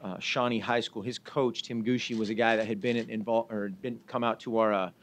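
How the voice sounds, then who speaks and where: A man's voice: fairly low pitch, fairly even intonation, fairly quick, slight background noise. A man speaking as a head football coach at a press conference, talking informally and upbeat while heaping praise on recruits.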